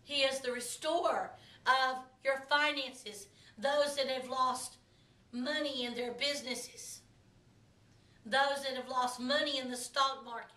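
A woman minister delivering a sermon in a slow, emphatic preaching cadence. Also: high voice, fairly even intonation, pushed and bright, echoey room, recorded from a distance.

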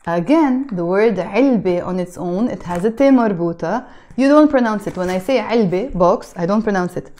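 A young woman with a Lebanese accent gives a patient language lesson, repeating words slowly and then at normal speed. Her voice is mellow and soft-edged, and her pitch sits in a middle range. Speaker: Arabic teacher. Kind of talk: explaining Lebanese Arabic words from a shopping bag.

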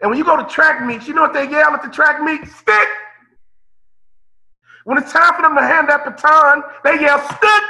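A man's voice: very high-pitched, gravelly, bright, forceful tone, poor audio. A man in his fifties giving an impassioned keynote over a video call, preacher-like, repeating phrases and calling out listeners by name. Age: 50s. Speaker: motivational keynote speaker.

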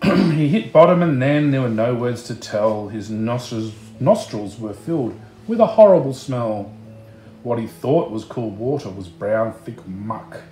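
A man reading a picture book aloud, slow and expressive, chatting to the listener between pages. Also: medium pitch, roomy sound, faint music behind. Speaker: storybook reader.

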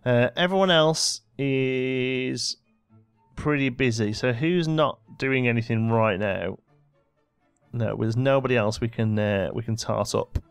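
A man's voice: mid-range voice, unhurried, clear, resonant tone, no room sound, soft background music. A young man giving casual gameplay commentary, bossing his in-game characters around with mock exasperation. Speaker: let's play host.

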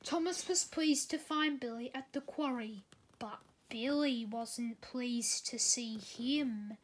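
A woman reads a children's picture book aloud, slowly and gently, now and then tripping and restarting a phrase. Her voice is high and the pace is unhurried. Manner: gentle, with small slips and restarts. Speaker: reader. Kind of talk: reading a children's storybook aloud.

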